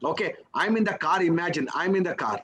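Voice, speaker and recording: A man's voice: a little high, animated, fast, fairly bright tone, slight background noise, low-quality recording. A man with an Indian English accent teaching memory techniques, asking the class rhetorical questions and checking in with "okay?" and "right?". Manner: coaxing, peppers talk with "okay?" and "right?". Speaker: memory trainer. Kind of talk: live teaching session.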